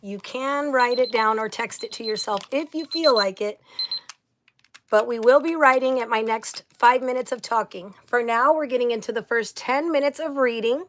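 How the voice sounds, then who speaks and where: A bubbly woman hosts a casual livestream, greeting viewers by name in an upbeat, gushing way. Her voice sits a touch high for a woman. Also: moderate pace, slight background noise. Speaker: livestream host.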